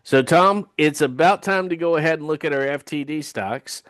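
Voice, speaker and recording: Polite co-host, dry close sound. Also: male voice, fairly high pitch, moderate pace, fairly bright tone, no room sound. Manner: polite, explanatory. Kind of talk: casual live webinar talk. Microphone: video call.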